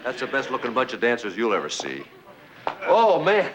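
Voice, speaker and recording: A man's voice: medium pitch, wildly swooping pitch, normal speed, muffled recording, a loud crowd, heavy background noise. A man hosting a variety show, out of breath after dancing and joking theatrically with the audience. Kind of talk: song and comedy sketch.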